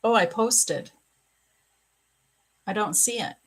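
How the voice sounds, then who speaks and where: A middle-aged woman hosting a live psychic reading, answering viewer questions in a slow, soft-spoken, emotional and earnest way. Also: mid-range voice, husky, poor audio.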